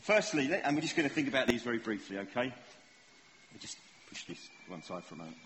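Preacher in a reverberant hall. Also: male voice, mid-range voice, big pitch swings, brisk, a bit bright, slight background noise. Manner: conversational, self-deprecating, asks the congregation questions. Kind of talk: sermon. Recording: long hall reverb, faint ambience.

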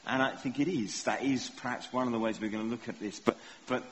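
Speaking briskly with fairly even intonation, a middle-aged man delivers a sermon, joking at his own expense and frequently quizzing his congregation in a conversational way. His voice sits at medium pitch. There's slight background noise, along with long hall reverb and faint ambience.

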